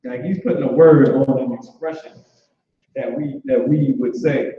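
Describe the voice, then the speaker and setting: A man teaching an informal online language class, talking loosely with many restarts and filler words like "boom". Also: steady tone, normal speed. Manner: loose, conversational, repeats "boom" and restarts often. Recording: echoey, dull online call audio.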